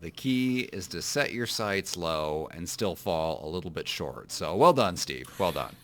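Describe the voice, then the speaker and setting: A man in his thirties chatting on a podcast in a bright, forward voice that swings up and down a lot, with a lowish pitch. He rambles, pokes fun at himself and keeps restarting his sentences. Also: lively intonation, measured pace, a little hiss or hum. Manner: rambling, self-deprecating, many restarts. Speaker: podcast co-host. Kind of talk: casual chat.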